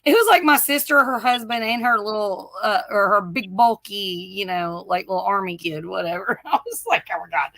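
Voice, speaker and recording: A woman telling a long story in a casual chat, animated, laughing and swearing, with lots of "like" fillers. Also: medium pitch, normal speed, creaky, hardly any pauses, no echo.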